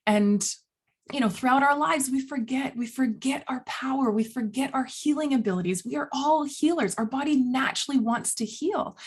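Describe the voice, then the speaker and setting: A woman speaking as a holistic health coach in a casual, earnest vlog monologue, animated and blunt, often laughing between phrases. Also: high voice, normal speed, breathy edge. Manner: blunt, self-described swearer.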